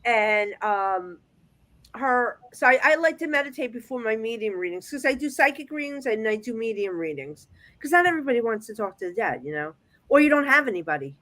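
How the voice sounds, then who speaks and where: A woman with a slightly raised voice tells her readings as a medium in a chatty, animated flow, often restarting her sentences as she goes. She speaks over a video call. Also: on the high side, brisk. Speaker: psychic medium guest. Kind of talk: casual storytelling chat.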